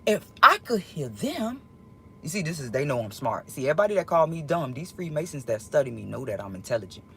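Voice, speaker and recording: A woman telling a personal story in a casual monologue, emotional and profane, rambling and swinging between loud outbursts and hushed asides. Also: low-pitched, very animated, a little fast, soft background music. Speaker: storyteller vlogger.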